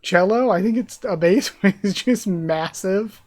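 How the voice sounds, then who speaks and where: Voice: medium pitch, measured pace, few pauses. A channel host reading a manga aloud at a close mic, voicing the character lines in their own voice and often breaking into laughter between panels. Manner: reads character dialogue in a near-normal voice, breaks into laughter.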